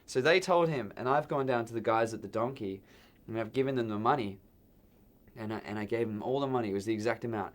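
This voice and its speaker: Aussie guy telling a crazy story, mid pitch, jumps into voices for the other people, trips over his words. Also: fairly quick. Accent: Australian. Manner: animated storytelling, acts out quoted voices, stumbles and repeats words. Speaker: band member guest programmer. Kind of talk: casual anecdote telling.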